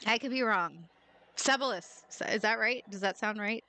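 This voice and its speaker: A woman's voice: medium pitch, normal speed, bright, forceful tone, rough recording. A young woman streaming a game, chatting playfully with her viewers and giggling at her own jokes. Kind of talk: casual chat while gaming.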